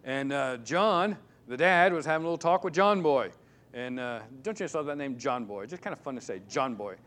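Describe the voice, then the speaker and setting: A man preaching with a voice pitched a little above the usual male range. He hammers key words through repetition and swings from raised, insistent stresses to quiet, hushed lines. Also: expressive, brisk. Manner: emphatic, swings between loud and hushed. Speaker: pastor. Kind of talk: sermon.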